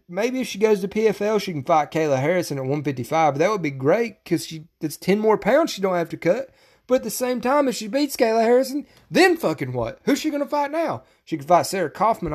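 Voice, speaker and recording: A man's voice: high voice, darkish tone. A young man hosting a casual fight podcast, ranting with lots of profanity and getting worked up. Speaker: podcast host. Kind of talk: casual MMA podcast commentary.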